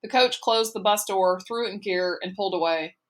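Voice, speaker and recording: A woman reading a novel aloud as an audiobook narrator in a steady, measured way. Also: medium pitch.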